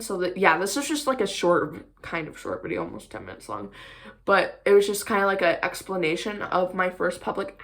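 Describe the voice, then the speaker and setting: A woman's voice: on the low side, fairly bright tone. Rambling woman vlogger, lots of fillers. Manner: rambling, heavy on "like" and "um". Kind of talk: casual chat to camera.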